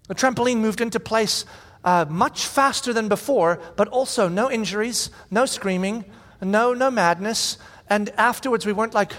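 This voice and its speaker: A man in his forties preaching a sermon as pastor, telling stories animatedly and shouting out the lines he quotes. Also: sits high. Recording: long hall reverb.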